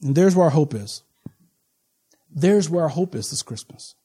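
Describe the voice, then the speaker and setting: A man in his forties preaching a sermon as pastor, shifting between quiet, confiding asides and slow, emphatic, rising proclamation. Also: lively intonation, slightly rough. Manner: swings from low, intimate asides to loud, slow, emphatic proclamation.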